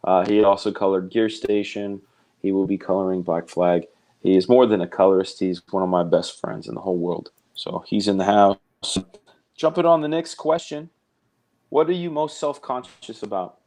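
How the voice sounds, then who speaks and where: A man hosting a casual interview, talking in a relaxed, rambling and self-deprecating way. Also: low-pitched, moderate pace. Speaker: podcast host.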